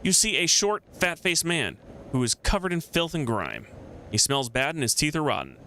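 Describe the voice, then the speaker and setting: A man's voice: on the high side, big pitch swings, moderate pace, sharp tone, a little hiss or hum. A man streaming a game, casually thinking aloud and reading the text on screen.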